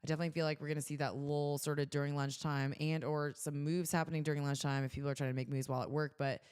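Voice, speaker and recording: A woman's voice: low voice, little pitch movement, rapid-fire, a little mellow, smooth. A woman from California co-hosting a podcast, chatting casually and bubbly, with lots of "like" fillers. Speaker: podcast co-host. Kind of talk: casual chat.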